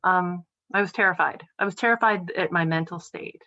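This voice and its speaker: A woman in her forties with a Boston-area accent tells her story in an earnest, emotional way, with frequent ums. Her voice sits a little low. The sound is dry and slightly dull, like a remote call mic. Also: normal speed, sharp tone, no echo. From New England. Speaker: podcast guest. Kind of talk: personal recovery story.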